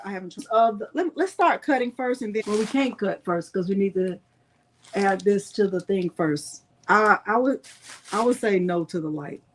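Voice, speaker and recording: Unhurried chatty woman crafting host. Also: mid-range voice, slight background noise. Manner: chatty, reads product labels aloud and answers viewers. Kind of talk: casual live-stream tutorial.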